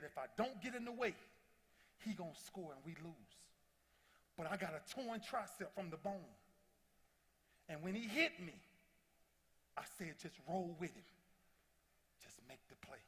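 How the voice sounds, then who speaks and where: A man in his thirties giving an impassioned motivational speech, telling stories that swing from loud to hushed. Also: on the high side, slight background noise. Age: 30s. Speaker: motivational speaker. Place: large convention hall before a big audience. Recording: long reverb of a large hall.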